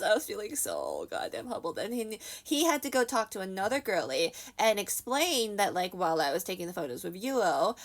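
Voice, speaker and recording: Young woman vlogger, casual storytime, lively swooping pitch, self-mocking, acts out quotes with laughs.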